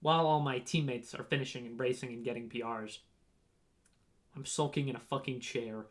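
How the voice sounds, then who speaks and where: A man's voice: mid-range voice, fairly even intonation, normal speed. A young man casually telling a rambling story about a race, with frequent "right?" and "um" asides. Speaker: runner on a race team.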